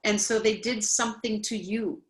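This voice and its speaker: A woman's voice: fairly even intonation, moderate pace. A woman teaching a spoken self-help class in an earnest, coaching manner, now and then acting out indignant voices. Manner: earnest, acts out indignant voices with rising pitch.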